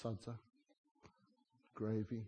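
This South African guest preacher delivers a funny sermon in a fairly low, monotone voice that is warm with a breathy edge, taking his time. Chatting through stories, he pokes fun at the listeners while a big hall's long reverb trails his words.

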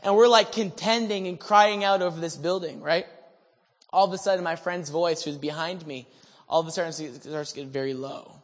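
Animated male preacher in a reverberant hall. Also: fairly high pitch, normal speed. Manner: animated, swings from hushed to shouting. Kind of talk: sermon testimony storytelling.

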